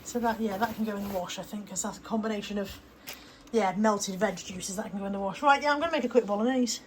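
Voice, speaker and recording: A woman's voice: mid-range voice, quick pace, a little hiss or hum, low-quality recording. A woman vlogging casually to her camera, with wry, self-deprecating storytelling. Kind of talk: casual chatty vlog.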